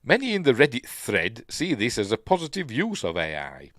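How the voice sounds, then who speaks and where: A man's voice: mid-range voice, huge pitch swings, moderate pace, fairly bright tone, dry recording, clean studio sound. A man with a Yorkshire accent hosting a casual live-stream news chat, rambling into asides and chuckling to himself.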